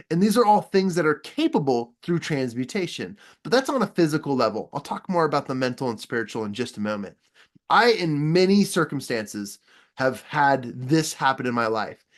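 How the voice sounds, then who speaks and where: A man giving a self-improvement training talk, earnest and enthusiastic, with frequent restarts as he tells stories. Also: on the high side. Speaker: personal development trainer.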